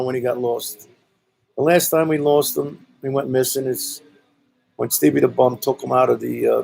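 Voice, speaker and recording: A man's voice: medium pitch, creaky, darkish tone, a little hiss or hum, rough recording. A man from Brooklyn with a Brooklyn accent telling a story in a blunt, profane, rambling way, full of "you know"s. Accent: Brooklyn New York. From Brooklyn, New York. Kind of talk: casual spoken storytelling.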